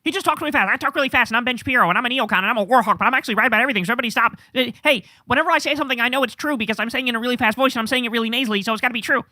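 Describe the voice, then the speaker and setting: A man doing a mocking impression of a smug male pundit who talks fast and through his nose. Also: very high voice, sharp tone, dry recording, heavily acted. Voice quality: nasal, rapid. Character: fast-talking nasal male pundit, smug know-it-all.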